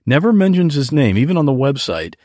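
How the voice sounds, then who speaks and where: A man's voice: mid-range voice, fairly quick, dry recording, clean studio sound. A man leaving a recorded message for a podcast host, talking about a favorite show in a storytelling way. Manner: animated storytelling. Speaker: podcast guest caller.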